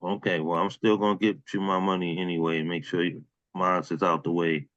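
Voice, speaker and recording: A man's voice: sits low, flat delivery, fairly quick, fairly bright tone, no echo, dull audio. A man hosting an online open mic, chatting casually and affectionately with the poets over a video call. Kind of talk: casual emcee chat.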